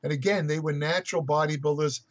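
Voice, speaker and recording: Speaking fast in a fairly high, steady voice, an older fitness writer appears as a guest and rambles through casual stories, full of hesitant restarts and chuckles. The recording sounds muffled and lo-fi.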